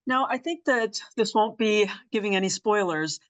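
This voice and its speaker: A woman's voice: medium pitch, expressive, normal speed. A woman hosting an interview, asking questions and affirming the guest often. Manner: warm affirming listener, frequent mm-hmms. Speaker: podcast host and interviewer. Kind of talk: casual interview chat.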